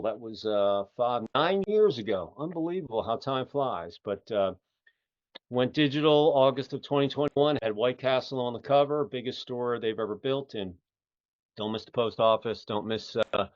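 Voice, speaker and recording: A middle-aged podcast host from the Philadelphia area, USA, with a Philadelphia accent, runs a casual interview show in a medium-pitched voice at moderate pace. He's folksy and rambling with plenty of fillers, and the audio is dry, muffled and lo-fi.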